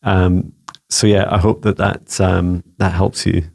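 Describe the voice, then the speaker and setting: A Scottish man, a spiritual mentor answering viewer questions in a casual video, speaking gently and soothingly with many halting repeats. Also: deep voice, flat delivery, creaky. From Scotland.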